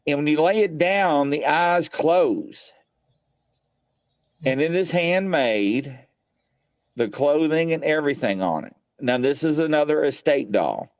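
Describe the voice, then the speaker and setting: A man hosting a paranormal show from his home studio, telling stories in a rambling, animated way full of fillers. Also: a little high, unhurried, dry recording. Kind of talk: casual live-stream chat.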